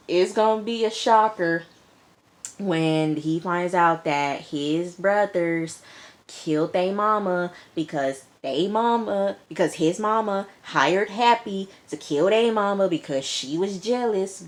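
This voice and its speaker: A woman casually recapping a TV episode, chatty and animated, calling her listeners y'all and girl and acting out the characters' lines. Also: on the low side, slow pace. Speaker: TV episode reviewer.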